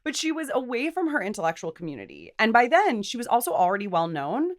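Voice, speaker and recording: A young adult woman co-hosting a podcast, talking through philosophy in a lively, thoughtful way with casual fillers. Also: medium pitch, fast talker. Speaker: podcast co-host.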